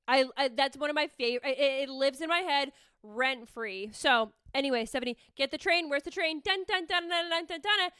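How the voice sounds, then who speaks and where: Woman, 30s, high and bright voice, animated profane storyteller, casual podcast host. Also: clear, resonant tone, no room sound, studio quality.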